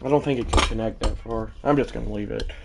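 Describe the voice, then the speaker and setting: Speaking fast in a lowish voice over background noise, this man streams a video game live. He narrates the gameplay and talks to his chat, wandering into rambling asides and quickly getting frustrated.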